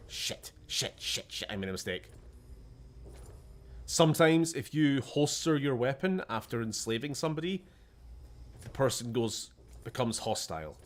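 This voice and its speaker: A man's voice: medium pitch, lively intonation, moderate pace, long pauses. A young Scottish man streaming a game, chatting casually, muttering to himself and swearing under his breath with a sarcastic edge. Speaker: gaming streamer. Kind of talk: casual gameplay commentary.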